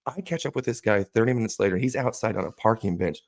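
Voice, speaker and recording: A podcast co-host talks quickly in a lowish voice, slight background noise behind him, as he rambles through a profane bar story in casual conversation. He imitates the other people involved as he goes.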